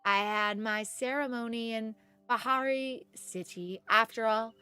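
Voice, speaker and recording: A woman reading out a calm, thoughtful female game villager in a slow, soft-spoken way. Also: a little high, clear, resonant tone. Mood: measured. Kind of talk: reading game dialogue aloud.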